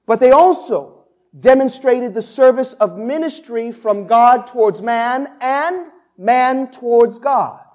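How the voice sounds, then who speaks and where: A male pastor preaching a sermon, drawing answers from the congregation and building to loud, emphatic peaks on key words. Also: very high-pitched, slow. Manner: call-and-response preaching, asks the congregation to answer.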